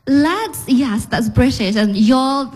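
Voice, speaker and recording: High-voiced lady tutor, patient, explains slow, echoey hall sound. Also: lively intonation, a little mellow, slightly rough, faint music behind. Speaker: English tutor. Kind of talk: live classroom explanation.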